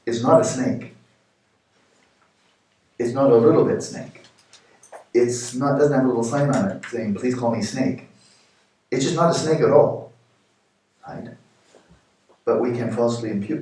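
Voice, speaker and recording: A man in his sixties giving a meditation retreat talk, explaining with playful everyday examples and sudden lively jumps in pitch. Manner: animated, playful examples, rising pitch for jokes. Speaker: meditation teacher. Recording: echoey hall from far off.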